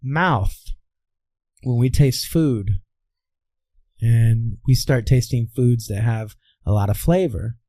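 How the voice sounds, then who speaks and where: This man from the US Midwest has a warm, medium-pitched voice with lively intonation. He talks slowly and pauses often. He's a voice coach guesting on an interview, teaching by asking himself rhetorical questions and answering them, recorded with no echo.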